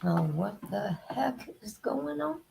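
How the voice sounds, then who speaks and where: A woman with a gravelly, creaky voice that sounds hoarse today. She chats casually to her live viewers and greets them one by one by name. Her voice sits at an ordinary middle pitch. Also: expressive, slow pace, darkish tone. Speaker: livestream host. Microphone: new desk microphone, headset off.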